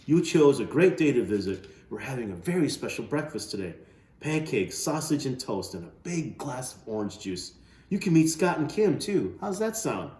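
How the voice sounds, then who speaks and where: A man's voice: mid-range voice, very animated, moderate pace, a little mellow, roomy sound, pitched above the performer's own voice, lightly acted. A man reading a novel aloud, voicing a kind middle-aged mother welcoming a boy. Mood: cheerful. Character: kindly middle-aged woman, warm hostess mother.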